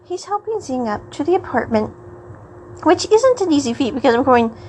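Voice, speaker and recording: Chatty woman podcast host, higher voice. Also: very animated, normal speed, darkish tone, a little hiss or hum, low-quality recording. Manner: chatty and rambling, often laughs mid-sentence. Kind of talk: casual episode recap.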